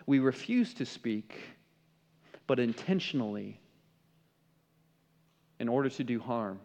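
A man's voice: medium pitch, lively intonation, slow pace, darkish tone. A man from the Midwest, preaching a sermon as pastor and often asking the congregation questions. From American Midwest. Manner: emphatic, asks the congregation questions. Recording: long reverb of a large hall.

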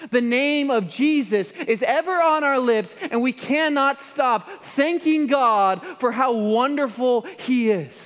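A man preaching a sermon as pastor, swinging between impassioned emphasis and hushed, softened passages. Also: very high-pitched. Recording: dull sound with long hall reverb.

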